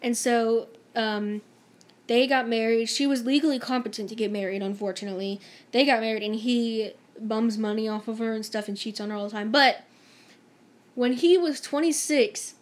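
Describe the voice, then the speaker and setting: A woman's voice: a little high, moderate pace. A young woman vlogger telling a story-time tale in a chatty, emphatic way, acting out the dialogue.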